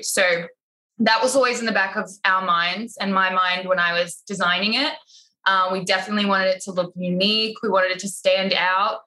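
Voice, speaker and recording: A woman chatting casually about her photography business, animated and full of filler words. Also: medium pitch, low-quality recording. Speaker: wedding photographer, podcast guest. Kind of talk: casual podcast chat.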